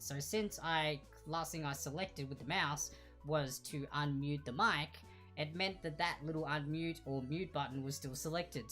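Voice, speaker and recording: A man's voice: fairly high pitch, a bit bright. A young man hosting a livestreamed quiz night in a casual, joking, self-deprecating way, laughing often. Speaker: trivia quiz host.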